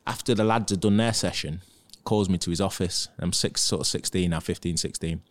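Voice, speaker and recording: A man's voice: deep voice, fairly quick. A man in his thirties, a former footballer, telling casual anecdotes as a podcast guest and acting out what others said. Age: 30s. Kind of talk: casual storytelling.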